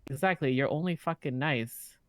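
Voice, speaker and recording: Low-voiced woman, blunt and swearing. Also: moderate pace. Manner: blunt, concerned, swears and calls people "man". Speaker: fellow player in a city role-play game. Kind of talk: in-character role-play chat.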